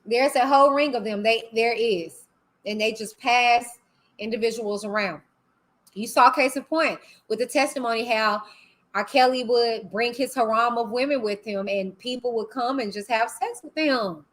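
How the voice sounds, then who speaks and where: Woman, livestream host, high voice, bright tone, blunt casual commentary. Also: normal speed. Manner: blunt, animated, outspoken.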